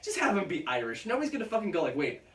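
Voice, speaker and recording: Guy ranting about movies at home, swears a lot, sounds far off, boomy room. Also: very animated, rapid-fire, fairly bright tone, roomy sound. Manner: swears, does mocking quoted voices. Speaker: podcast co-host. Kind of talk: casual film discussion.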